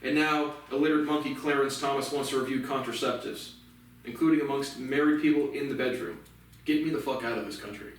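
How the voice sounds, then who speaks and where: A man's voice: medium pitch, a little fast, slight background noise. A man from the United States ranting alone in an angry, profane and rambling way. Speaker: vlogger. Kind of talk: solo ranting monologue. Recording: very echoey room, mic far off.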